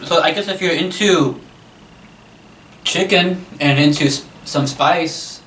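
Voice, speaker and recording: A man co-hosting a casual fast food review, talking in an easygoing way with lots of fillers. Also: fairly high pitch, a bit bright. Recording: echoey room, distant mic, faint noise.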